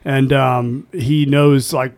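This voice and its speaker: A man's voice: medium pitch, level tone, takes it slowly, darkish tone. A man hosting a casual beer-tasting podcast, telling rambling, easygoing stories. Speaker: podcast host.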